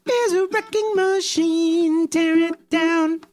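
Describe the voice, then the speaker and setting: A music teacher singing a simple folk song for his class in a bright, clear voice. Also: extremely high pitch, steady tone, slow pace. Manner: bright, clear sung call-and-response.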